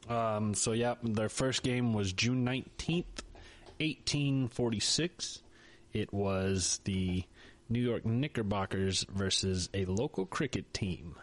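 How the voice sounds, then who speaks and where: A podcast co-host with a lowish voice takes his time, chatting casually. He rambles, cracks jokes, and throws in self-mocking asides.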